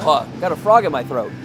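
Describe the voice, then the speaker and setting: A man doing live play-by-play of a youth hockey game, with quick calls that jump up at big plays and joking asides. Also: high-pitched. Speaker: play-by-play commentator.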